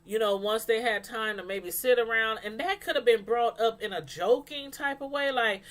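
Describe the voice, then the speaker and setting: A woman reviewing a TV show in casual chat, rambling, animated and full of fillers. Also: a little high, moderate pace, hardly any pauses. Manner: animated, acts out quotes from the show; loose, rambling delivery with many fillers.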